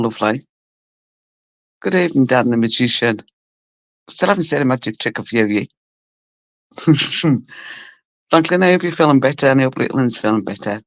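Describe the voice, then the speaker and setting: A woman from Cumbria, hosting a casual live stream. Her voice is low and rough, and she chats bluntly, swears and laughs a lot while greeting viewers. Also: dry recording. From Cumbria, England. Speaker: livestream host.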